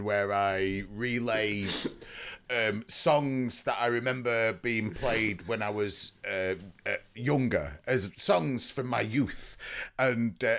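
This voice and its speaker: A man's voice: fairly low pitch, a bit bright. A man co-hosting a casual music podcast, rambling and self-mocking, swearing freely as he reminisces. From England. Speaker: podcast co-host.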